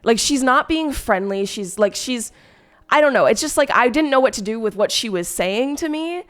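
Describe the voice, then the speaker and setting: A woman's voice: fairly high pitch, animated, normal speed, a bit bright. A woman streamer who is sick, telling a story in a rambling, exasperated way with lots of fillers. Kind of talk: casual storytime chat.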